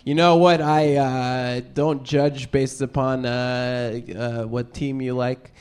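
This improvised character interview features a man performing a crude, swaggering old-timer comic, his voice sitting on the higher side. Lightly acted and at a moderate pace, the live stage bit has him rambling on and bragging about where he grew up.

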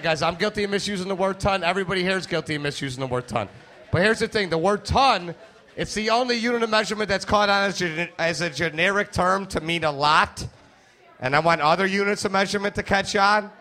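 A brash man doing stand-up comedy, crude and playful as he works the crowd. His voice is bright and forceful and sits a little high for a man. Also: fairly quick.

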